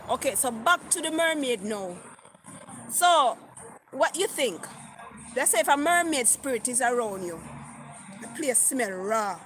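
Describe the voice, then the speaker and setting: On a livestream recorded with her phone, a middle-aged woman with a Jamaican accent chats away, reading comments from viewers aloud and mixing in patois. Her voice has a fairly high pitch and a fairly bright tone.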